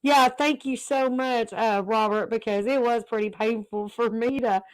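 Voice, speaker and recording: A woman's voice: a little high, steady tone, normal speed, no room sound. A woman with a Southern US accent co-hosting a casual livestream chat, teasing and laughing often. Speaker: livestream co-host.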